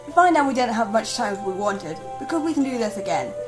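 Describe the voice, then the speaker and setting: A woman voicing a shy, bashful teenage girl in a game, speaking softly and hesitantly. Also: on the high side, big pitch swings, quick pace, over music. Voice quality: soft, hesitant, stumbling. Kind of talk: let's-play voice acting.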